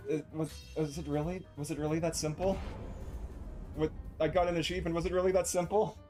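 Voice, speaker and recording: A man's voice: on the high side, level tone, fairly quick, over music. A man live-streaming a video game, drawling crude jokes at his chat and breaking into sudden yelps.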